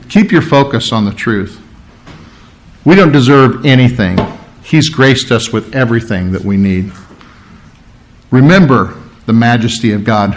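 A man delivers a sermon in a slightly high-pitched voice. He asks questions of the congregation and answers them himself, often swinging his pitch up and then down. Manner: earnest preaching with rhetorical questions and sudden pitch swings. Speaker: pastor.

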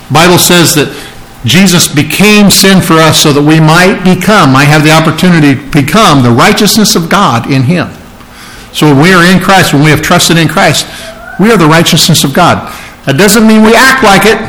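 A man's voice: fairly high pitch, a bit bright, poor audio. A man preaching an expository sermon, explaining scripture word by word, with frequent restarts and rising emphasis on key phrases. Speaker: pastor.

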